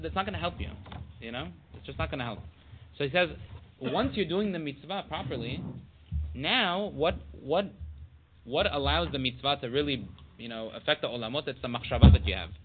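A man giving a casual Torah class, talking conversationally with many asides and Hebrew terms. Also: on the high side. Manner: conversational, full of "you know" and Hebrew terms. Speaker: Torah teacher. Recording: tinny phone-like line with faint noise.

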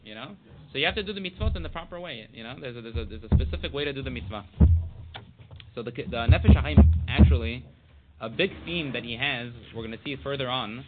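A man's voice: medium pitch, fast, over loud music. Man teaching Torah over a tinny line. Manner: conversational, full of "you know" and Hebrew terms. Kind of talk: casual Torah class lecture. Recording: tinny phone-like line with faint noise.

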